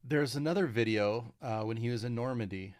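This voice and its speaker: A man in casual podcast chat with a mid-pitched voice. He often stops and restarts his sentences and swears freely. The recording is dry and close. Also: brisk, no room sound. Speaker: podcast co-host.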